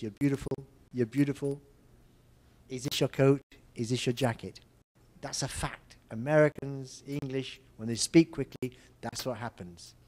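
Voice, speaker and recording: An older man lecturing on English pronunciation in a lively way, acting out examples and telling funny anecdotes. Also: a little high. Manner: lively, demonstrative, tells humorous anecdotes. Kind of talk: seminar lecture.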